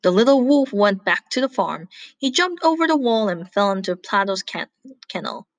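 A woman reading a children's story aloud in an animated way, pausing to ask her listeners questions. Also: mid-range voice, no echo.

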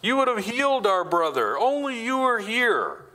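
Lively, bright-voiced male preacher. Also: poor audio. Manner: asks the congregation many questions; drops to low, slow, quiet emphasis. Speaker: pastor. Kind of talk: sermon.

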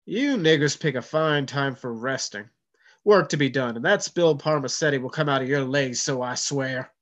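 A man's voice: medium pitch, moderate pace, fairly bright tone, natural voice. A man voicing a harsh, scowling first mate on a whaling ship, barking orders with contempt. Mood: contemptuous.

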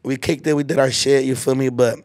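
A man's voice: medium pitch, little pitch movement, fairly quick, a little mellow. A man in his twenties hosting a casual chat, telling a rambling story full of slang and filler words. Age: 20s. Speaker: podcast host.

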